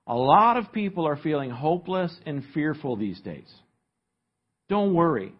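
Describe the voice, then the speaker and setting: A pastor, a man, preaches an emphatic sermon in a fairly high, husky voice that swings widely in pitch. He teaches from an outline and keeps asking his listeners to fill in the blanks. The recording is dull and lo-fi.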